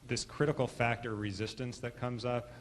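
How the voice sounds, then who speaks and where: A man's voice: medium pitch, level tone, normal speed, noisy background. A man, a student at a hypnosis workshop, asking a question hesitantly and searching for his words.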